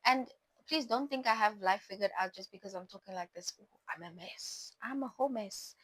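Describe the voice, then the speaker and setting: A woman's voice: medium pitch, brisk, a bit bright, husky, no room sound, rough recording. A young woman talks casually to her viewers, chatty and playful, often talking straight to them. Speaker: vlogger. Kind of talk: casual talk to camera about boundaries.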